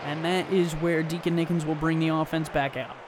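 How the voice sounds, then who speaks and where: A high-pitched man calls the plays with brisk, running commentary, dropping in dry jokes between snaps. Steady noise sits under his voice throughout. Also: some chatter behind. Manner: brisk play calls with dry joking asides. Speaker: play-by-play commentator. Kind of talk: live esports football commentary.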